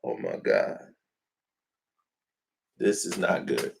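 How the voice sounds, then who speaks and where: A man telling a story in a relaxed vlog. He talks slowly and deliberately, and his pitch rises and falls a lot as he acts out each character in the scene. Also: vocal fry.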